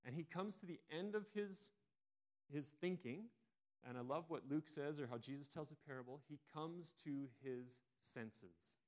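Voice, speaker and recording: A man preaching a sermon, retelling a story in a relaxed, conversational way with frequent restarts. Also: on the high side, unhurried.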